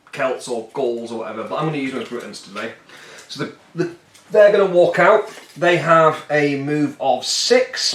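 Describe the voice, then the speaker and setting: A man casually talking through a solo tabletop wargame, rambling and joking, with a fairly high voice. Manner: rambling and jokey, puts on silly voices for the miniatures. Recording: echoey room.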